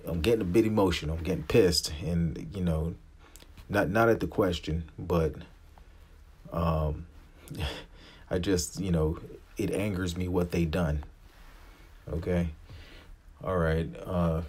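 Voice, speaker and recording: A man's voice: deep voice, a little mellow, slightly rough. A man in his forties from the United States, a vlogger giving a blunt, profane, impassioned opinion rant to camera.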